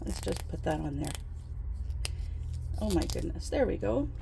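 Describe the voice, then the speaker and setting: A woman chatting casually while unboxing craft kits in her trailer home, gasping and gushing with excitement over each item. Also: on the low side, unhurried, gravelly, slight background noise. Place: inside her fifth-wheel trailer home.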